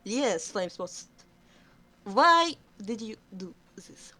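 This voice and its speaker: A woman voicing a smooth-talking, manipulative male warrior cat in a tabletop game, coaxing and hushing in a falsely sweet way. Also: medium pitch, sing-song, extremely slow, no room sound, soft background music, exaggerated voice. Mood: falsely kind.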